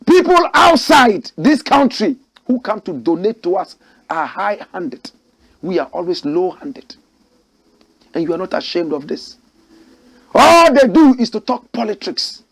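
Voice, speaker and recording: A man's voice: high voice, big pitch swings, measured pace, fairly bright tone. A Ghanaian man hosting a political commentary show, preaching in rhetorical, outraged bursts. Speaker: host.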